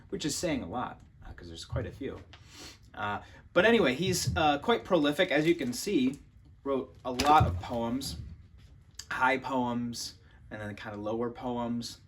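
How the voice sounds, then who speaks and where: A young adult man hosting a poetry channel, explaining and reading a poem in a relaxed, casual way, thinking aloud with fillers and restarts. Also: medium pitch, slight background noise.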